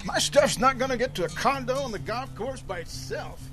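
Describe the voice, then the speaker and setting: A man's voice: extremely high pitch, animated, moderate pace, music in the background. An actor playing a bossy older grandfather who barks impatient orders at the people moving his things.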